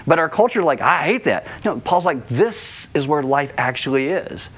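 A man delivers a sermon in a church room, his voice a bit higher than most men's. He speaks earnestly and turns animated when he tells a story, acting out the voices himself. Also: moderate pace. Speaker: pastor.

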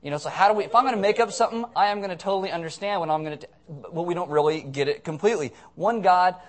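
A man's voice: sits high, very fast. Joking, conversational male pastor. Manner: jokey, conversational, acts out quotes loudly. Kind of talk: sermon. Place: church sanctuary.

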